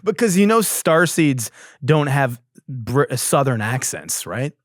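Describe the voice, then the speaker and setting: A man's voice: medium pitch, very animated, slow, no room sound, studio quality. A young man hosting a podcast, riffing crudely and sarcastically in casual comedy. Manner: crude, sarcastic, jumps between mumbles and loud outbursts. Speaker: podcast host.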